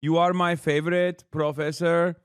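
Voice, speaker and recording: A man putting on a gushing, overeager male fan of a lecturer, speaking slowly and pleadingly. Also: a little high, flat delivery, clean tone, dry recording, studio quality, lightly acted. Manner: slow, mock-pleading.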